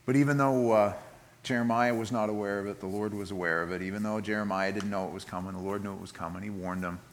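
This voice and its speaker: A man preaching a sermon, animated, rising loud for emphasis and dropping quiet for scripture. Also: on the low side, fast talker, slight background noise. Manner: expressive, acts out voices in quotes, swings from loud emphasis to quiet reading.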